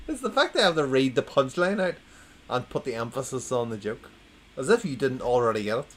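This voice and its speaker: A man's voice: medium pitch, lively intonation, brisk. A drunk man reads dad jokes, repeating each punchline and laughing at his own jokes. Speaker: host reading dad jokes. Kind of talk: casual tipsy dad-joke reading.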